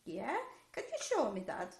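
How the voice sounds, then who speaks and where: A woman's voice: medium pitch, huge pitch swings, measured pace, creaky. A woman teaching a violin masterclass online. She hesitates with many fillers and sings musical phrases on syllables. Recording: roomy echo.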